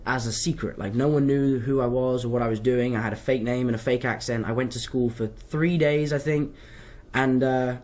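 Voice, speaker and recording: A man's voice: mid-range voice, fairly even intonation, normal speed, darkish tone. A young man with an English accent, from London, answering fan questions in a casual live Q&A and rambling off track as he chats. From London, England. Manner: rambling, chatty, wanders off track.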